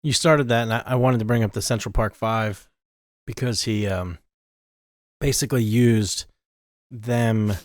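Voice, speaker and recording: A man co-hosting a casual podcast chat, speaking in a measured, searching way with many fillers. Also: on the low side, no echo, studio quality. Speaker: podcast co-host.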